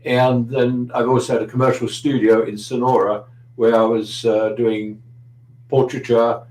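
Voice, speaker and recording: A man's voice: mid-range voice, flat delivery, a little slow, a little mellow, reverberant, low-quality recording. Chatty British man from London. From London, England. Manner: chatty, anecdotal, with dry humor and frequent hesitations. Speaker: guest photographer. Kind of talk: casual interview chat.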